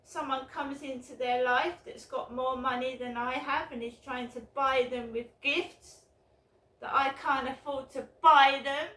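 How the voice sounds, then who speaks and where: A woman ranting angrily in a vlog, swearing and bursting into shouts. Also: high-pitched, fairly even intonation, a little slow. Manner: bitter, swearing, shouting outbursts. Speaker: vlogger. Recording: roomy echo, mic at a distance.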